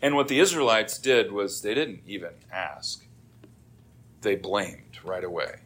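A man's voice: fairly low pitch, animated, a little slow, fairly bright tone. A middle-aged man preaching a sermon as pastor, acting out quoted grumbling and prayers in a dramatic way.

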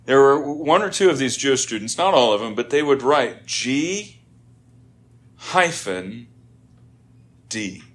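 A man's voice: medium pitch, expressive, measured pace, pauses often, a bit bright. A middle-aged man preaching a sermon in a conversational teaching manner, rising to emphatic points.

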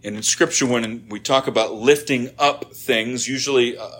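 A man's voice: mid-range voice, normal speed, a bit bright. A middle-aged man preaching a sermon in a conversational teaching manner, rising to emphatic points.

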